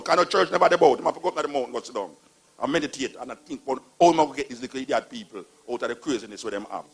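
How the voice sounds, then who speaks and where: A man's voice: high voice, rapid-fire, a bit bright, husky. A man with a Jamaican accent, giving a humorous talk and animatedly retelling stories with voiced characters. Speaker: speaker on religion.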